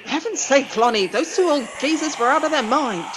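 A woman voicing a gruff male band member who growls and scoffs at the others. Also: sits high, expressive, moderate pace, background noise, voice pushed up. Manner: growling, dismissive.

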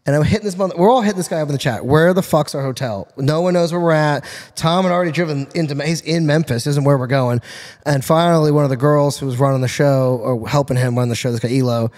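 Fast-talking profane storyteller man. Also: on the high side, darkish tone, in a large hall. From Florida. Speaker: podcast guest, car tuner. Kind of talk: casual storytelling.

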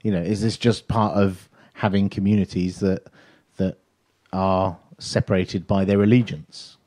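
Mellow low British man, teasing. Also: fairly even intonation, measured pace. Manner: questioning, teasing, laughs often. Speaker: podcast co-host. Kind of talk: casual panel chat.

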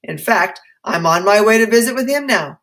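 Een vrouw die een strenge, vurige patriottische leider speelt. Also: female voice, medium pitch, expressive, normal speed, pitched above the performer's own voice. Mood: stern. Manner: forceful, insistent, preaching. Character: stern, forceful colonial patriot leader, grown man.

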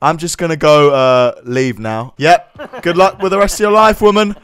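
A young man giving excitable gameplay commentary, yelling, laughing and reacting loudly. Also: a little high, moderate pace. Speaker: gaming commentator. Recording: game music and sounds behind.

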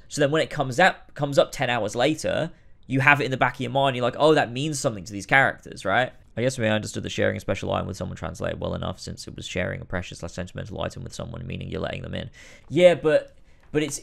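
A man streaming a game, rambling commentary that breaks into shouting rants. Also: mid-range voice, gravelly. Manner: rambling, many restarts, bursts into shouting rants. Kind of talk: casual let's-play commentary.

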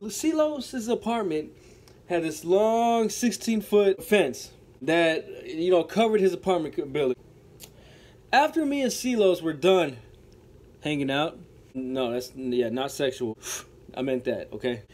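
This storytelling vlogger has a notably high male voice and spins a dramatic story-time tale for his viewers, repeating lines for effect and often calling them "folks." His delivery is expressive, unhurried, and a little mellow.

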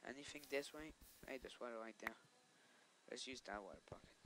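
A man's voice: medium pitch, fairly quick, noisy background. A man giving casual gameplay commentary, chatting to viewers and scolding the monsters aloud. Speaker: let's play host.

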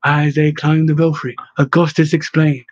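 A man's voice: fairly high pitch, flat delivery, normal speed, dry recording. Man reading a storybook aloud. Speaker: audiobook narrator. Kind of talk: storybook narration. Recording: dull lo-fi dry recording.

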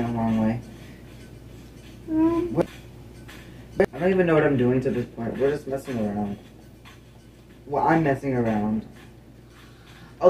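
A woman gamer chats casually while she plays, goofing around, cursing and talking to the creatures on screen. She speaks slowly, in an unhurried drawl. Her voice sits in an echoey room with a faint hum of ambience underneath. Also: very deep voice, darkish tone, distant mic. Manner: goofy, swears, talks to the game animals. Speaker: gamer, channel host. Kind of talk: casual gameplay chatter.

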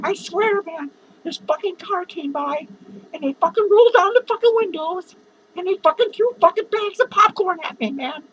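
A man's voice: extremely high pitch, fairly bright tone, a little hiss or hum, low-quality recording. A man playing a drunk, foul-mouthed lonely clown who rambles, slurs and giggles through a comedy monologue. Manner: slurred, rambling, swearing constantly, giggling. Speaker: comedy character performer.

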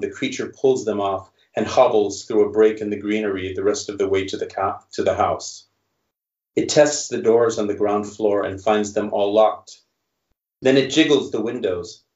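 A male author reading his own fiction aloud in a measured narration, then answering questions. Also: fairly low pitch. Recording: roomy, dull recording.

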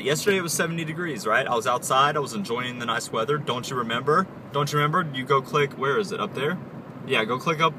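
A young man vlogging while he drives, joking and rambling in a wobbly put-on Aussie-British accent, recorded on a phone. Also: medium pitch. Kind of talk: casual vlog. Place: inside a moving car. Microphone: phone held while driving. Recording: distant phone mic with road noise.

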